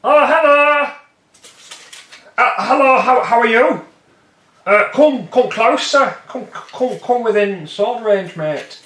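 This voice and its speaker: A man voicing a cocky male tribal warrior who taunts with mock friendliness, high and loud. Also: takes it slowly, far from the mic, heavily acted. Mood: goading. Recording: echoey room.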